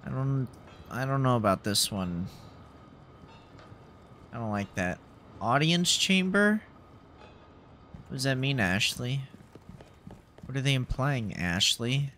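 A man's voice: medium pitch, measured pace, pauses often, a bit bright, a little hiss or hum. A man streaming a video game, chatting in jokey mock panic and talking to the game characters. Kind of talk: live gameplay commentary.

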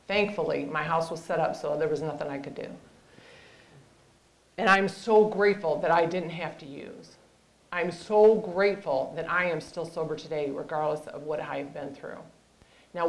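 A middle-aged woman giving an emotional personal testimony as a guest speaker, halting at times and dropping to a hush. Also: sits low, poor audio. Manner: emotional, halting, with hushed whispered moments. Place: lecture room.

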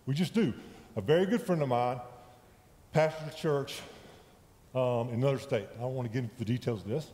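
A man's voice: medium pitch, darkish tone. A man giving a conversational sermon in a church, often checking in with his listeners. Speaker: lay preacher. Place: church sanctuary. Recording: echoey church hall with long reverb.

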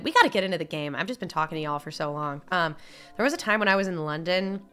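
Young female streamer: nasal, rambling chat, a lower pitch and a crisp bright edge, faint music behind. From upstate New York. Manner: chatty and rambling, with frequent filler words. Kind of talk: casual chat while gaming, reading chat aloud.

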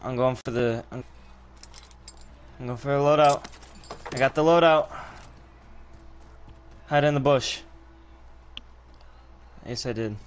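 Slow-spoken man calling out plays. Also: medium pitch, slight background noise. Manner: excitable callouts to teammates; repeats words in rapid bursts. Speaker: gamer. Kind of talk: live game commentary.

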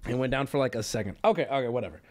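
A man's voice: medium pitch, animated, rapid-fire, darkish tone. A man livestreaming and talking casually to his chat, rambling, joking and swearing freely. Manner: rambling, profane, jokey.

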